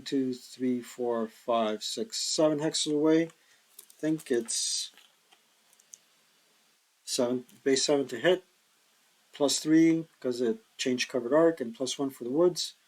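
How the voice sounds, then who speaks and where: A tired man thinking aloud in a slow mutter as he plays a board wargame solo, counting hexes and working out dice rolls. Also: medium pitch, a little mellow, rough recording. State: tired, yawning.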